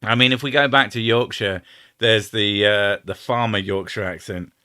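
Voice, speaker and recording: Rambling Scottish man with a bright voice. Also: lowish voice, fairly even intonation, normal speed, clear, resonant tone, dry recording, studio quality. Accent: Scottish, Edinburgh. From Scotland. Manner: rambling, swears, does silly impressions. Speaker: streamer host. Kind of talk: casual chat on a live stream.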